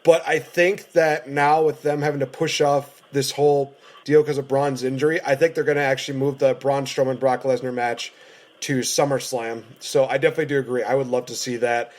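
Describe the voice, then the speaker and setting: A man co-hosting a casual wrestling reaction show, chatting excitedly with bursts of laughter. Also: mid-range voice, fairly quick. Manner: excited, laughing, playful impressions. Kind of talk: casual chat.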